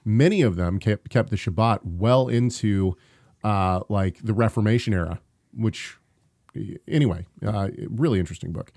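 On a clean, room-free studio recording, a man co-hosts a relaxed talk show. His fairly low, darkish voice moves at a normal pace as he wanders through announcements and banter, correcting himself often and laughing readily.

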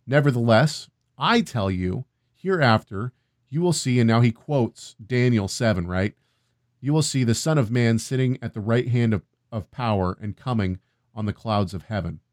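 A man co-hosting a casual scripture discussion, reading passages aloud and thinking out loud, often checking in with "right?". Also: fairly low pitch, dry recording, studio quality. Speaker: co-host of a Bible discussion.

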